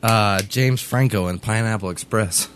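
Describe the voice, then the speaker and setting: A man's voice: on the low side, measured pace, a little hiss or hum. A man co-hosting a stream, joking bluntly and swearing freely in casual chat. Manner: blunt, profane, wisecracking. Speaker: stream co-host.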